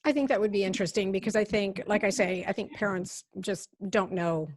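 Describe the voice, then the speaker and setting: A woman's voice: medium pitch, a little fast, darkish tone, no room sound, clean studio sound. A woman hosting a podcast, asking long, rambling questions in a chatty way. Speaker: podcast host. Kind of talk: podcast interview.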